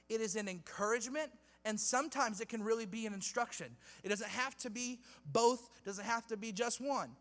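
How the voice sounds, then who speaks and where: High-voiced youth pastor preaching in a hall. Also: male voice, a bit bright. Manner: casual, slangy, joking with the crowd. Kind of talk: sermon. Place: church hall with youth audience.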